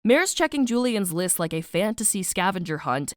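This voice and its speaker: A woman's voice: mid-range voice, big pitch swings, moderate pace, no room sound, clean studio sound. A young woman narrating a playful, slangy, dramatic book recap. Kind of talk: casual animated book recap.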